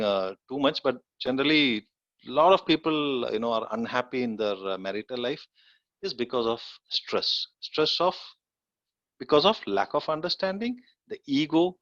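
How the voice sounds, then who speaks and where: A man's voice: mid-range voice, a bit bright, no echo. A middle-aged man with an Indian English accent gives an earnest lecture with a personal story, often checking in with the listeners. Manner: earnest, often checks in with "okay?" and "you know". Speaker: guest lecturer. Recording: dull dry lo-fi audio.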